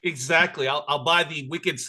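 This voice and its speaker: A man hosting a show, energetic and enthusiastic as he introduces and interviews a guest. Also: a little high, normal speed. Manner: hyped, enthusiastic, emphatic. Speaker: podcast host.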